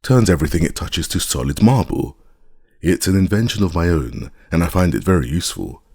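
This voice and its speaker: Man reading a boastful old magician, very deep voice, gravelly, husky, dry sound, lecturing. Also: animated, fairly quick, darkish tone, heavily acted. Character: boastful old male magician, proud of his inventions.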